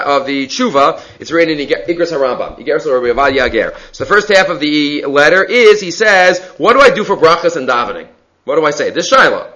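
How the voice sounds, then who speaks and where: Bright-voiced man giving a Talmud lecture. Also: a little high, lo-fi sound. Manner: mixes English with Hebrew and Aramaic quotations, lively reading of sources; talks fast with frequent restarts. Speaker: Talmud teacher.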